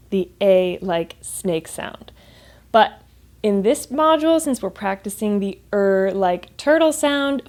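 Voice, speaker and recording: An American woman teaching English pronunciation in a clear, upbeat manner, modeling sounds slowly for the listener. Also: on the high side, a little mellow. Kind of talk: scripted English lesson to camera.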